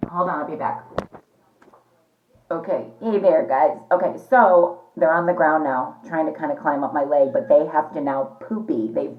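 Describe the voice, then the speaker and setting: A woman vlogging at home in a chatty, rambling way, often calling her viewers "you guys". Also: low-pitched. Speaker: pet vlogger. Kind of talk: casual chat to camera. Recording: echoey, slightly dull home recording.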